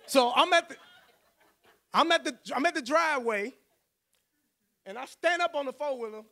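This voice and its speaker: A man's voice: very high voice, expressive, normal speed, sharp tone. A male pastor, telling a personal story in a sermon, acting out the voices he quotes and laughing often.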